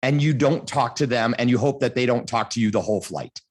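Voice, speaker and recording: A man on a panel giving advice as a motivational speaker, telling lively stories and acting out little scenes. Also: medium pitch, brisk. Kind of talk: storytelling advice.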